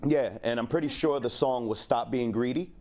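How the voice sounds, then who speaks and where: A man's voice: mid-range voice, moderate pace. Laid-back man in his thirties doing stand-up. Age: 30s. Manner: laid-back, rambling, crude, with lots of fillers. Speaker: stand-up comedian. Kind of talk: stand-up set.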